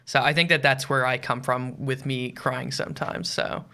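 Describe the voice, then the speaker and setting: A man with a bright, clear voice hosts a casual interview. He speaks reflectively and encourages his guest. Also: medium pitch, flat delivery, moderate pace. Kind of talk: casual chat.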